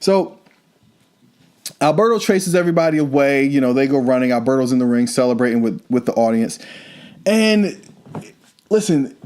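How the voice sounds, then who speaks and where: A man's voice: medium pitch, animated, moderate pace, long pauses, darkish tone. A man hosting a wrestling podcast, casually recapping a show in a loose, chatty way with lots of fillers and asides.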